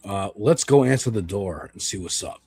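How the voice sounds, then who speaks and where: A man's voice: on the low side, lively intonation, moderate pace, darkish tone, husky. A man streaming a video game, giving loose, rambling commentary with casual swearing.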